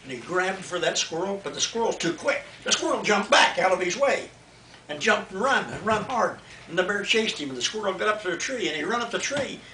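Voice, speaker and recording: A man's voice: high-pitched, lively intonation, a little fast, sharp tone. An older man, a grandfather, telling a bedtime story indoors in a folksy, repetitive way. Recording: echoey room, distant mic, faint noise.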